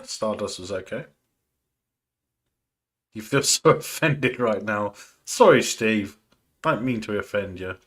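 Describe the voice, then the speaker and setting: A man casually chatting and joking as he hosts a film watch party, laughing often. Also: fairly low pitch. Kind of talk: casual live commentary while watching a film.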